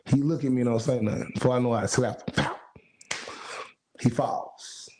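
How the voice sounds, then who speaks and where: A man, a singer guest, telling stories in an animated, casual way, acting out the voices he quotes in streetwise slang. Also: mid-range voice, moderate pace, poor audio. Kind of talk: casual storytelling.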